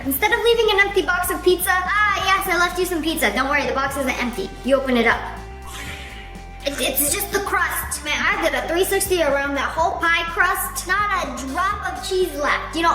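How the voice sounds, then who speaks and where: A woman's voice: extremely high pitch, reverberant. A woman hosting a reaction video, chatting casually with playful sarcasm.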